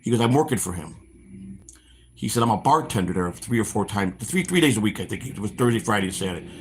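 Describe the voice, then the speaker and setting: A man's voice: fairly low pitch, quick pace, a little hiss or hum. A middle-aged man from the Chicago area, hosting a walk-and-talk stream and telling long rambling stories from his past while out on a walk, acting out the voices of the people in them. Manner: animated storyteller, acts out quoted voices, frequent restarts. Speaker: stream host. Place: outdoors on a walk.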